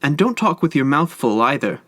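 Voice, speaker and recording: A man's voice: fairly high pitch, big pitch swings, normal speed, a bit bright, no echo, studio quality, pitched above the performer's own voice. A man voicing a tearful, devoted wife who soothes and pleads with her husband. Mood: scolding. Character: tearful devoted wife, middle-aged woman.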